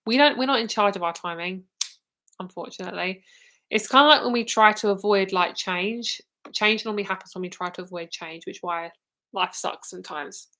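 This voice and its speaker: Here is a chatty woman reading tarot live, blunt and quick to laugh. She sounds tired and keeps yawning between cards, yet stays eager. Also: medium pitch, bright, forceful tone. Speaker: tarot reader.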